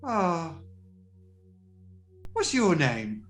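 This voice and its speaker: A man voicing a timid male turtle creature who stammers and turns dreamy and slow, in a tabletop game. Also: a little high, wildly swooping pitch, full character voice. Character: timid male turtle-folk patient, dopey once sedated.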